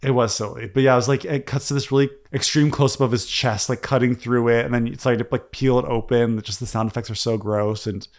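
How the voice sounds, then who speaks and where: Casual podcast co-host, male, mid-pitched, loose and chatty with fillers. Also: fairly even intonation, quick pace, hardly any pauses. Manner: chatty, recaps scenes with many fillers. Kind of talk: casual film discussion.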